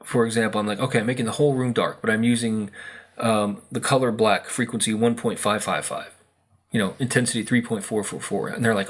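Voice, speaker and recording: A man's voice: on the low side, fairly even intonation, quick pace, a bit bright. An American man talking casually to camera about spiritual energy, rambling with many fillers and acted-out quotes. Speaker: spiritual video host. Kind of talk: casual monologue.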